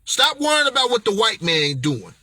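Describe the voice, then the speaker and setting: A man delivering an impassioned motivational message, blunt and confrontational in a preacher-like way, often raising his voice to a shout. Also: high-pitched, huge pitch swings, normal speed. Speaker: motivational speaker.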